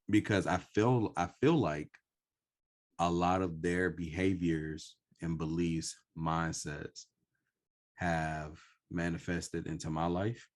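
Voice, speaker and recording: A man hosting a podcast, telling his own story slowly and earnestly in a reflective conversation. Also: low voice. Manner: slow, earnest, personal storytelling. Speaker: podcast host.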